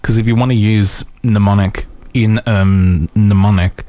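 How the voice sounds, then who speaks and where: A man's voice: fairly low pitch, steady tone, unhurried, mellow, a little hiss or hum. A man hosting a late-night radio show, chatting casually and rambling with many ums and self-deprecating asides. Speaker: radio host. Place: radio studio.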